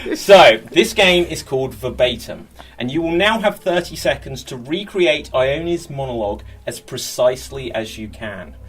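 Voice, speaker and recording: A man's voice: mid-range voice, animated, moderate pace, hardly any pauses, recorded from a distance. A man hosting an improv comedy show, introducing games in an upbeat way and laughing often. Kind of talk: lively improv game hosting.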